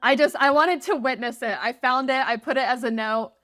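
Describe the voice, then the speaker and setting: A woman's voice: high-pitched, fairly bright tone. A woman hosting a podcast interview, upbeat and encouraging, chatting casually with her guest. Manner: upbeat, encouraging, quick to laugh. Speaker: podcast host.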